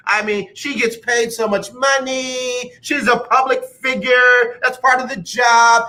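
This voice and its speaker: A man's voice: very high-pitched, steady tone, measured pace, pushed and bright. A man hosting a sports talk radio show, ranting emphatically about athletes and the media and taking callers. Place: radio studio.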